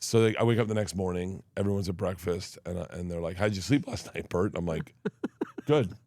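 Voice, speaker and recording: A man tells outrageous personal stories with comic timing. He jumps into loud, laughing impressions of the people in each story. The recording is dry and close. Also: low voice, a little fast, dry recording. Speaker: guest storyteller.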